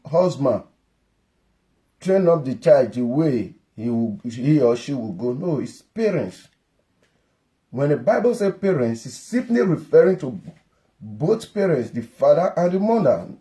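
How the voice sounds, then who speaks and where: Slow, mellow-voiced man giving parenting advice. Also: fairly high pitch, lively intonation. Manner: earnest, lecturing, repetitive. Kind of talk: advice monologue.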